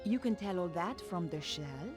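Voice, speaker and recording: A determined female reporter, as an actress voices her asks pointed questions in a slightly low voice. She is direct and inquisitive, with faint music behind. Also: lively intonation, normal speed, close to an everyday voice.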